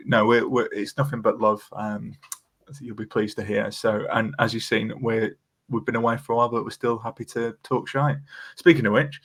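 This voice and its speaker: A man's voice: lowish voice, fairly bright tone. A man hosting a casual football podcast, chatty and self-deprecating with many fillers. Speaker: podcast host.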